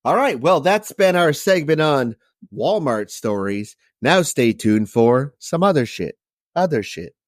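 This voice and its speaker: Podcast guy, loose and sweary, animated voice, dry mic. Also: fairly high pitch, unhurried, few pauses, no room sound. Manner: casual, swears, silly segment outro. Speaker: podcast co-host. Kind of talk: casual chat.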